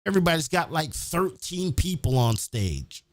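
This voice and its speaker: A man hosting a podcast, telling stories in a casual, profane, animated way. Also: a little high, moderate pace, no room sound. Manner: profane, animated, acts out quotes. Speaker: podcast host. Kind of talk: casual storytelling.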